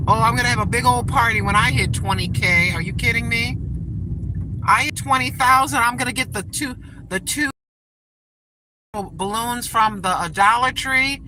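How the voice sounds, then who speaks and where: A woman's voice: a little high, moderate pace. An older woman chatting in a folksy way to her viewers while driving. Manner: chatty, folksy, religious, pleading for subscribers. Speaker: channel host. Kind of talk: casual vlog talk while driving. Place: inside a car on the road. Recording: loud road noise from a moving car.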